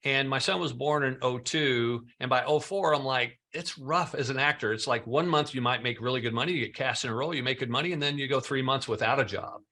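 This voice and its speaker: A man's voice: mid-range voice, a little fast, few pauses, bright, forceful tone. A middle-aged man, a guest on a podcast, telling his career story in a chatty, self-deprecating way. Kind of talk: casual interview chat.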